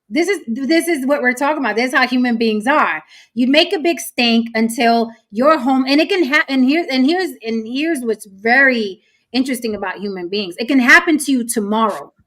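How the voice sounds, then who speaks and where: A woman hosts a live-streamed talk show with a somewhat high voice. She argues her points with emphasis and reads viewer comments aloud. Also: fairly bright tone. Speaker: host.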